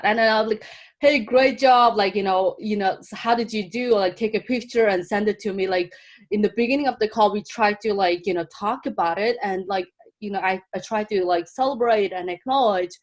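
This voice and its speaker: A woman coach describing her client over a video call, rambling and full of "like" and "you know.". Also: mid-range voice. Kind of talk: casual explanation on a video call.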